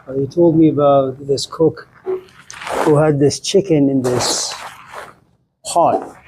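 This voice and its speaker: A man giving a lecture, telling a story with wry, deadpan humor. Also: medium pitch, creaky, a little hiss or hum, poor audio.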